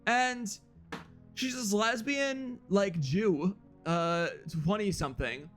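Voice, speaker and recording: A man's voice: high-pitched, slow pace, fairly bright tone, soft background music. A man streamer chatting casually and rambling through a story with frequent chuckles.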